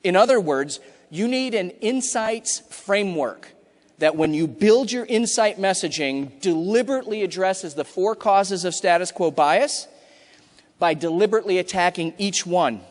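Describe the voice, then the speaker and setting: A high-pitched man delivers a punchy, emphatic keynote in a large hall with long reverb. He is middle-aged and acts out customer quotes in quick asides. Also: animated. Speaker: conference keynote speaker. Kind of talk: energetic conference talk. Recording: hall reverb from a big room.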